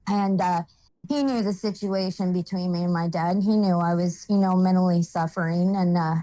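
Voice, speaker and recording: A young adult woman telling her own life story in a casual monologue, halting and searching for words, emotional and holding back tears. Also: on the low side, steady tone, mellow, rough recording. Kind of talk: personal testimony, casual monologue.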